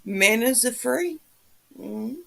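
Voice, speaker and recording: A woman's voice: a little high, expressive, takes it slowly, creaky, low-quality recording. A woman hosting a casual livestream, chatting with viewers and reading the chat, swearing freely as she talks. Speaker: livestream host.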